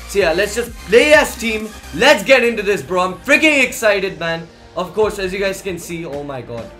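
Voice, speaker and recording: Excitable young man with a high voice. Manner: excitable, yells at the game, says "bro" and "man" a lot. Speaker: gaming YouTuber. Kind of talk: casual gameplay commentary.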